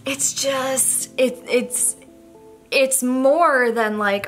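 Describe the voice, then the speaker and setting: A woman's voice: high-pitched, very slow, faint music behind. Young woman confiding about her anxiety. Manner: candid, rambling, emotional confessional talk. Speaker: vlogger. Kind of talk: personal talk to camera. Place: bedroom. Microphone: camera on tripod.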